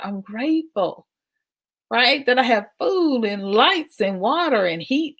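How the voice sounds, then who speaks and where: A middle-aged American woman hosts a casual livestream, warm and affirming, repeating phrases and laughing often. Her voice is medium-pitched, with lively intonation at a moderate pace.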